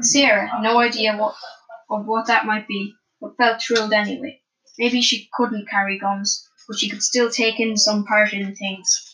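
A woman reading a novel chapter aloud in steady storytelling narration. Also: medium pitch, poor audio. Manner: steady storytelling with small restarts. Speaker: audiobook narrator. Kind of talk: audiobook narration.

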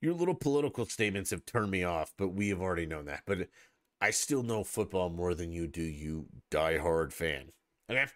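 A man's voice: low voice, expressive, a little fast, dry recording. A man hosting a podcast in a casual, combative political rant, swearing a lot and sarcastically mocking his opponents. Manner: profane and combative, heavy swearing; sarcastic, mocks opponents with put-on voices. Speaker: podcast host.

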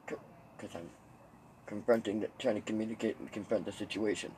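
A man hosting a podcast, chatting casually and telling animated stories with swearing, laughter and mimicked voices. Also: fairly low pitch, a little fast, a little hiss or hum, rough recording. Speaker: podcast host. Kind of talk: casual chat.

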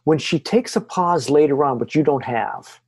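Male interview guest who tells stories with animation; mellow tone with some breathiness. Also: on the high side, normal speed, breathy edge. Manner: excited, lively retelling. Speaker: podcast guest. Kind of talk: animated storytelling.

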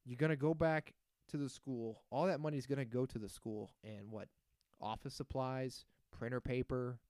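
A man's voice: mid-range voice, steady tone, normal speed, darkish tone, dry recording, studio quality. A man in his thirties hosting a solo podcast, ranting in a sarcastic, crude, casual way. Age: 30s. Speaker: podcast host.

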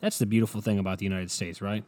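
A man's voice: lowish voice, little pitch movement, rapid-fire, darkish tone, no room sound. A young man hosting a solo podcast, rambling in a profane, sarcastic, offhand way. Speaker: podcast host. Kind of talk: casual solo podcast rant.

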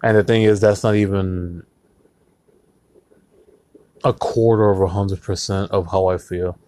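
A man's voice: low voice, steady tone, measured pace, dark tone. A man hosting his own podcast, rambling casually with lots of swearing and jokes. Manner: profane, rambling, joking, drinking beer on mic. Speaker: podcast host.

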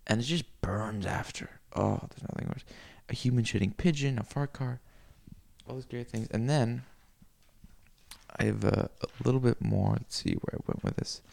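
A man rambling through a crude comic monologue, cursing freely and swinging into loud rants. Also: mid-range voice, moderate pace, vocal fry.

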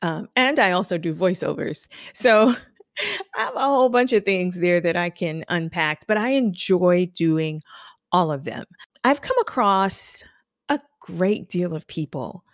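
A woman podcast host delivers a motivational talk in an unhurried, fairly low voice. She leans hard on repeated affirmations and personal stories. The sound is close and dry. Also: animated, dry recording. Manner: emphatic, repeats affirmations, storytelling. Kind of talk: motivational monologue.

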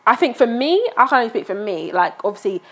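A woman's voice: a little high, big pitch swings, fast talker. A young woman talking in a casual chat, often asking "do you know what I mean".

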